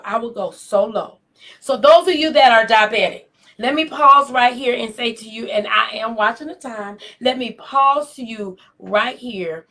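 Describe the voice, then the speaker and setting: An older woman with a high voice gives a faith-based motivational talk straight to the camera. Her tone is bright and forceful, and her delivery is emotional and exclamatory, like someone giving testimony. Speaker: inspirational speaker.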